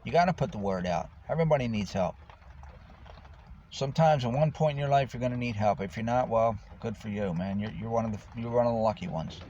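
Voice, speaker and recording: A man's voice: mid-range voice, a little fast, a little mellow. A man who is homeless, talking casually to the camera in a rambling, profane way about his life. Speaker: homeless vlogger. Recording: dull lo-fi with faint noise.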